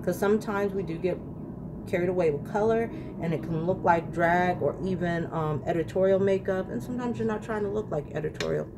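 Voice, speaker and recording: A woman vlogger chats straight to her viewers while she works through a makeup tutorial. Her talk is casual and rambling, with little rants along the way. Her voice sits low, and a faint room hum runs under it. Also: a little fast. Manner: chatty, ranting, talks to viewers directly. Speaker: beauty vlogger.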